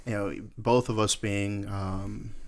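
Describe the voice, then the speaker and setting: A man's voice: lowish voice, fairly even intonation, takes it slowly. A young man in casual podcast chat, telling profane anecdotes from his service. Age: young adult. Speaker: podcast co-host.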